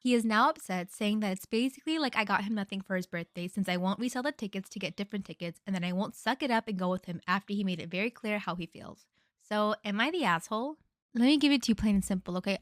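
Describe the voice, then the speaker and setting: A woman's voice: mid-range voice, fairly bright tone, no echo, studio quality. A woman reading out a story and then giving her own sassy, opinionated commentary on it.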